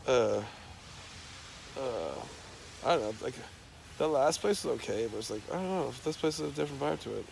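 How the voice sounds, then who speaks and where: A man in a middle-pitched voice with a rough, gravelly fry wanders from thought to thought without a script, swearing constantly. His talk is an unscripted monologue, loose and meandering. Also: lively intonation, moderate pace, pauses often, darkish tone, slight background noise. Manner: rambling, profane stream of talk.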